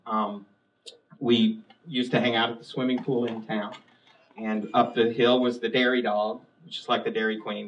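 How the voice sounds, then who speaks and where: A middle-aged man from the US South and Midwest tells anecdotes in a chatty, easy way, often breaking into laughter. His voice sits at an ordinary pitch. It is picked up by a distant mic at a live library talk. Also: fairly bright tone. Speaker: author on a panel. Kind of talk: storytelling conversation. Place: public library event room.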